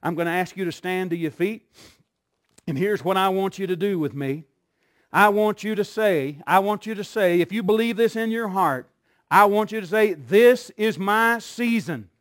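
A man preaching a sermon in church, building up to shouted call-and-response with his congregation. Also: high voice, normal speed. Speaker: pastor.

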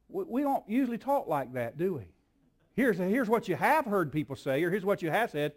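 A man with a high voice preaches a sermon to his congregation. He drops to a soft, low hush and then builds back up to loud, ringing peaks. He keeps asking the room for an amen. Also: big pitch swings, normal speed. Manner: call-and-response with the congregation. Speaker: pastor.

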